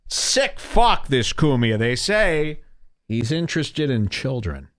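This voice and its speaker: A man's voice: mid-range voice, lively intonation, unhurried, no room sound, clean studio sound. Man, middle-aged, podcast host, crude comedic commentary, mocking, puts on voices.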